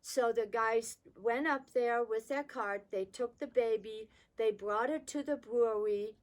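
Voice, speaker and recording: A woman's voice: a little high, unhurried, low-quality recording. An older woman from Germany telling a personal childhood story, acting out the dialogue between herself and her father. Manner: lively, voices her father and her child self in quotes.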